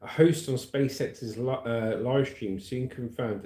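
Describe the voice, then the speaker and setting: The host, a man in his forties, speaks in a medium-pitched, mellow voice, a little slow but with hardly any pauses. He chats and laughs often on a casual livestream, reading comments and news aloud in an echoey room.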